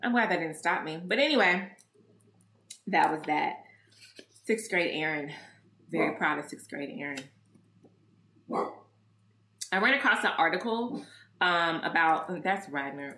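A woman's voice: low voice, animated, a little slow, pauses often, pushed and bright. A woman hosting her own podcast, telling a personal story in casual chat, acting out remembered dialogue and swearing freely. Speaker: podcast host. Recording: echoey room.

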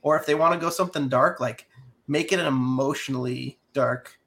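A man chatting casually on a podcast, rambling with halting restarts. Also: medium pitch, creaky, fairly bright tone. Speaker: podcast co-host. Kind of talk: casual chat.

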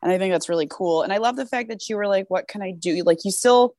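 A woman hosting a podcast in a mid-range voice, bubbly and playful and quick to laugh. The recording is dry and close-miked. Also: medium pitch, darkish tone, no echo. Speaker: podcast host. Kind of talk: casual podcast chat.

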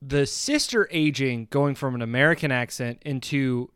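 A man's voice: mid-range voice, moderate pace, clean tone, no room sound, clean studio sound. A man co-hosting a podcast, chatting casually and sarcastically about a film he disliked. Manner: animated, sarcastic, laughs often. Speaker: podcast co-host. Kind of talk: casual movie review chat.

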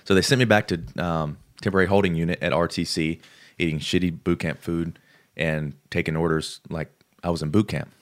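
A man's voice: low voice, brisk. A man, a podcast guest, telling a story in casual talk and acting out the people he quotes. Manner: lively, acts out the people he quotes.

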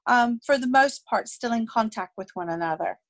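A woman's voice: a little high, animated, normal speed. A woman guest telling a personal story in a conversational way, hesitant, with frequent fillers and restarts.

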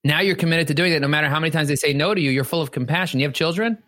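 A man's voice: fairly high pitch, racing, sharp tone, dry recording. A man hosting a podcast as a sales coach, giving emphatic, repetitive motivational advice. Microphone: podcast microphone.

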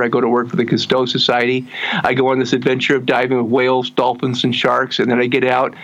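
A man, a guest in an interview, telling his life story earnestly and haltingly, with frequent restarts and slowing down to stress his message. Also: mid-range voice, fairly bright tone, rough recording.

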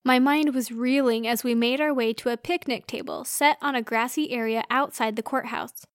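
A woman narrating a first-person fiction story in an earnest, expressive way. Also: fairly high pitch, moderate pace, no room sound, studio quality.

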